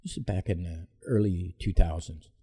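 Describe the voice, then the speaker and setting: A man's voice: low-pitched, moderate pace, warm tone, slightly rough, dry recording. A man casually telling a rambling personal story to his viewers, bluntly correcting himself as he goes.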